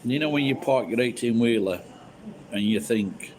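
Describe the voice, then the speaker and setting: A man's voice: medium pitch, moderate pace, darkish tone, a little hiss or hum, poor audio. A drunk man rambling and swearing through casual chat as a live streamer, full of false starts. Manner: crude, swears a lot, rambling with restarts.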